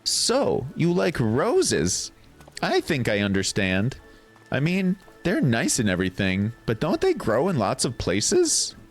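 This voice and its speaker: A man's voice: medium pitch, huge pitch swings, slow, soft background music, full character voice. A man voicing an earnest, admiring young boy in a game. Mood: puzzled.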